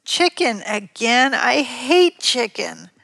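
A sulky young boy whines and sneers in a raised, pinched voice, as a mother acts him out. The sound is dry and close. He complains loudly. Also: on the high side, sing-song, slow, gravelly, no room sound, pitched above the performer's own voice, exaggerated voice. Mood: whining.

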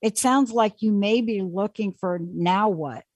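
A woman hosting a call-in talk show, talking in an animated, chatty way and taking callers. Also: mid-range voice, a little slow, no room sound. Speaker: host.

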